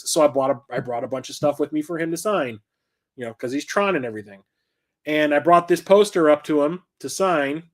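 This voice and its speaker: Rambling middle-aged man showing his collection. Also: fairly high pitch. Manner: rambling anecdotes, many fillers and self-corrections. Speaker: collector and channel host. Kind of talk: casual show-and-tell vlog.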